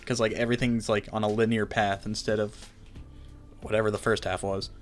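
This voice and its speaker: A man's voice: fairly low pitch, little pitch movement, a little fast, soft background music. A man hosting a game playthrough, reading the story text aloud and breaking off with dry, joking asides. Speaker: let's play host.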